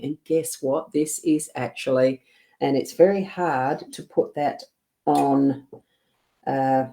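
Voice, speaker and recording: A middle-aged Australian woman with a low, mellow voice talks viewers through a live card reading at her desk at home. She speaks gently and wanders between thoughts, filling pauses with "um" and "you know" and correcting herself as she goes. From South Australia. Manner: meandering, gentle, with frequent fillers and self-corrections. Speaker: psychic card reader.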